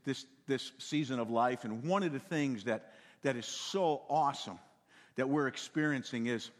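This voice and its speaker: An older man preaching a sermon in a folksy way, repeating words and swinging from loud to hushed. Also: medium pitch, normal speed, long reverb tail. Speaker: pastor.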